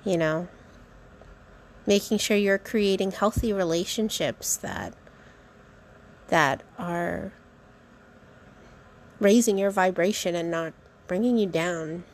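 A woman's voice: on the low side, slow, pauses often, a little hiss or hum. A woman hosting a solo podcast, talking casually and hesitantly with many fillers. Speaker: podcast host.

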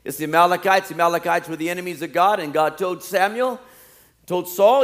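A male pastor delivering a sermon in a somewhat high voice. He preaches with animation, rising to loud pleading and dropping to low, quiet asides. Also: a little fast.

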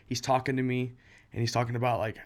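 A man's voice: medium pitch, quick pace. Young man telling a wild story. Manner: animated storytelling with laughs and acted quotes. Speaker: storyteller in a podcast chat. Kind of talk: casual chat.

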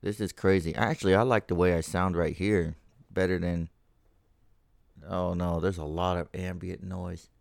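A man's voice: deep voice, little pitch movement, normal speed, vocal fry, no room sound. A man hosting a casual solo podcast from home, ranting with lots of swearing and working himself up as he talks. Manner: profane, ranting, gets heated. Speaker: podcast host.

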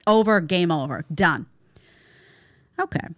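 A woman hosts a reaction commentary show, her pitch swinging widely as she reacts with incredulity. She talks emphatically and sarcastically, calling her subjects "honey." Her voice sounds dry and close, with little room echo. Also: expressive, slow. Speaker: show host.

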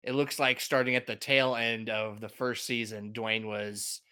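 A man co-hosting a podcast, chatting in a relaxed way. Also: medium pitch, measured pace, clear, resonant tone. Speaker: podcast host. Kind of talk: casual podcast chat.

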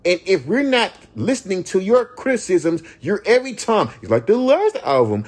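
A man's voice: very animated, normal speed, darkish tone. A man who raps, ranting heatedly on his solo podcast, swearing often and mocking his critics. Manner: imitates critics in a higher voice. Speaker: rapper and podcast host.

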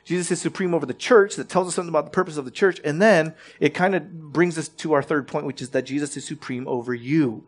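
High-voiced conversational male preacher. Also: fast talker, hardly any pauses. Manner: conversational teaching, frequent "right?" check-ins and restarts. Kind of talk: sermon.

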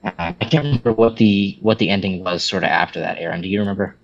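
A man with a lowish voice co-hosts a casual podcast, talking loosely with frequent restarts and false starts. The sound is a little dull and lo-fi. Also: fast, creaky, a little hiss or hum. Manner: rambling, many restarts, animated when quoting. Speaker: podcast co-host.

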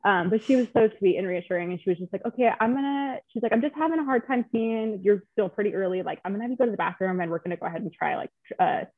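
A woman's voice: mid-range voice, rapid-fire, hardly any pauses, no echo. Young woman guest, chatty and emotional, dry tinny phone-line sound. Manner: chatty, emotional, lots of fillers. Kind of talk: personal story in a casual interview.

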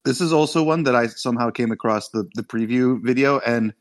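A man co-hosting a podcast in casual chat. He stumbles and restarts his sentences often. His voice sits at an ordinary middle pitch. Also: fairly quick. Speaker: podcast co-host.

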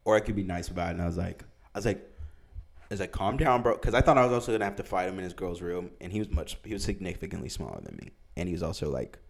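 A young man in his twenties telling a wild party story in casual chat, animated and laughing, acting out the people in it. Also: sits low, very fast, creaky. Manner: animated, laughing, acts out voices in quotes.

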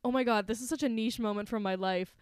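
A woman's voice: fairly high pitch, fast, clean tone, no echo, studio quality. A young woman co-hosting a podcast, chatting casually as she recaps a film, laughing often, sarcastic and swearing freely. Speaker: podcast co-host.

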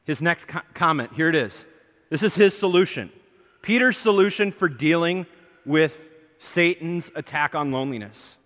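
Bright-voiced male pastor in a reverberant hall. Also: fairly high pitch, lively intonation, normal speed. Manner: emphatic, questions the congregation and acts out quotes. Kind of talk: sermon. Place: church hall.

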